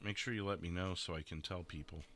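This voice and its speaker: Deep-voiced Midwestern man rambling casually. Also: fairly even intonation, bright, forceful tone. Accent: Midwestern American. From American Midwest. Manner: rambling, halting with many fillers and restarts. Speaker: streamer and roleplay dispatcher. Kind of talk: casual chat. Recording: faint music behind.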